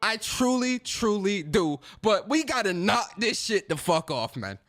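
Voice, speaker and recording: A man's voice: high-pitched, very animated, unhurried, a bit bright, faint music behind. A man hosting a gaming stream in a casual, profane rant, repeating phrases for emphasis.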